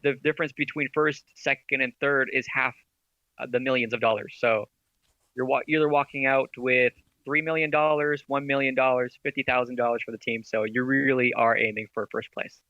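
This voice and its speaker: Bright, eager man explaining at length. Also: medium pitch, fairly even intonation, fairly quick, no echo, dull audio. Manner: enthusiastic, rambling, builds arguments with rhetorical questions. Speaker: podcast guest, esports team founder. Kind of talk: casual interview chat.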